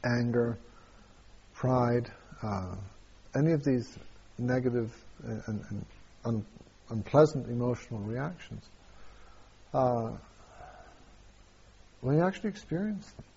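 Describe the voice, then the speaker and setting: Husky-voiced man teaching at a retreat. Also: medium pitch, lively intonation, mellow, lo-fi sound. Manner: halting, many restarts and fillers, chuckles often. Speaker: meditation teacher. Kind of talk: answering questions at a retreat.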